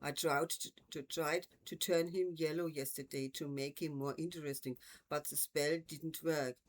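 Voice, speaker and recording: A woman's voice: deep voice, steady tone, moderate pace, a little hiss or hum, close to an everyday voice. A woman voicing a chatty, wry young schoolboy, close to her own voice.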